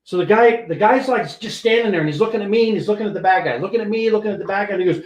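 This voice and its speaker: Animated older man telling a police story. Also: high-pitched, very fast, hardly any pauses, roomy sound, low-quality recording. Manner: animated, profane storytelling with acted-out quotes. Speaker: podcast host, retired police sergeant. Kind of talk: casual storytelling.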